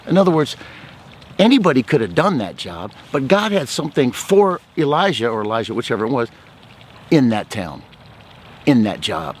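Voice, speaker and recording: A talkative, outgoing man tells faith stories in a loose, conversational way. His voice sits at an ordinary middle pitch. Faint traffic noise hums behind him. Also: sing-song, normal speed. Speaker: ministry speaker. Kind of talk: faith testimony talk.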